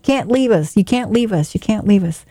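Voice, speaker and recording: A woman's voice: medium pitch, expressive, normal speed, dark tone, no echo. A woman hosting a local radio show, reading listings and chatting in a rambling way with frequent laughs. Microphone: studio microphone.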